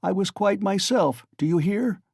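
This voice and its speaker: A man's voice: high voice, expressive, creaky, a little mellow, slightly rough, dry recording, studio quality, voice pushed up, exaggerated voice. A man reading aloud and voicing a tense young man under suspicion, strained and accusing. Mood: defiant. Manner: strained, accusing, at times slow and weak.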